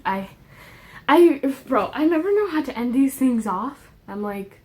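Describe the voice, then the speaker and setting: A young woman with a high voice speaks straight to her viewers in an impassioned faith monologue. She leans hard on repetition, pushing the same point louder and higher. She slips easily into casual slang asides between the heavier moments. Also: lively intonation, a little slow. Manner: earnest, repeats herself with rising emphasis. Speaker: faith vlogger. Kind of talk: emotional religious monologue.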